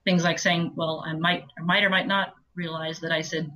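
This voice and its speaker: A woman audiobook narrator talks through her working process in an easy, chatty way. Her voice sits a little low but sounds bright, and she tells stories with animated turns and frequent laughter. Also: normal speed, low-quality recording. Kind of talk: casual interview chat.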